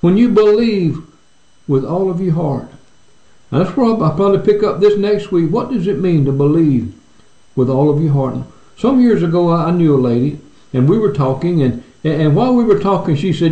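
A man's voice: on the high side, expressive, moderate pace, warm tone, echoey room, lo-fi sound. A pastor preaching an earnest radio sermon, often stammering and restarting his words as he pleads with his listeners.

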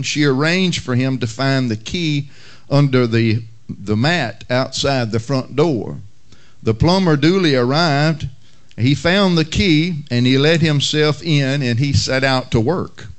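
A male pastor praying and preaching a sermon in a measured, unhurried way, with occasional fillers. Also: fairly high pitch, smooth. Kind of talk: sermon with prayer and humorous story.

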